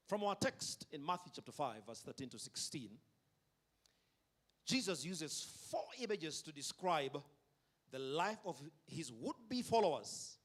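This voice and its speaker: A man's voice: a little high, very animated, fairly bright tone. A man preaching a sermon at a concert, emphatic, drawing out key words and having the audience repeat lines after him. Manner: emphatic, drawn-out delivery with call-and-response. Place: concert venue.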